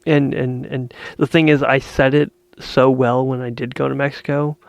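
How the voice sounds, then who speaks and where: A Canadian man with a gravelly, fry-edged voice swapping stories on a casual podcast call. He laughs often and acts out both sides of a conversation. The sound is dry and close, with no room around it. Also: medium pitch, level tone, moderate pace, dry recording, dull audio. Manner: laughs often, tells stories with quoted back-and-forth. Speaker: podcast co-host. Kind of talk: casual chat. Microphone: video call.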